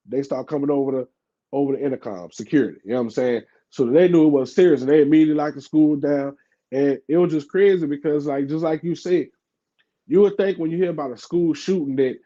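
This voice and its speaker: Animated New Orleans man telling a story. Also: on the high side. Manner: animated, acts out quoted voices, heavy fillers. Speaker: podcast guest. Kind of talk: casual storytelling interview. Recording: dull lo-fi podcast audio.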